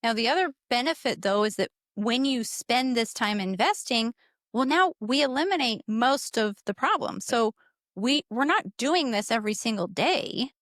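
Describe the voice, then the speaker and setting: A woman's voice: fairly high pitch, lively intonation, normal speed, fairly bright tone, dry recording, studio quality. A woman co-hosting a parenting podcast in casual talk, direct and emphatic, jumping in to add points. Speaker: podcast co-host.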